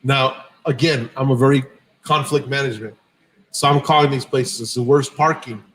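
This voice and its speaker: This man's voice sits mid-range at a moderate pace, and the recording is rough. He's a podcast host animatedly telling a long, foul-mouthed story in a casual tone, acting out the dialogue as quotes.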